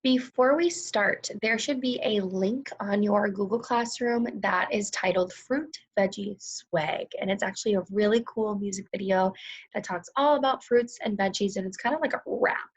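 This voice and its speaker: A young woman teaching a recorded lesson to second graders, speaking slowly, crisply and clearly in an encouraging way. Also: mid-range voice. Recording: slightly dull lo-fi recording.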